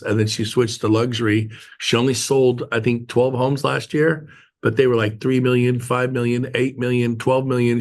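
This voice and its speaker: A middle-aged man leading a team meeting on a video call, talking casually in a rambling, joking way. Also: mid-range voice. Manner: rambling, joking, animated storytelling.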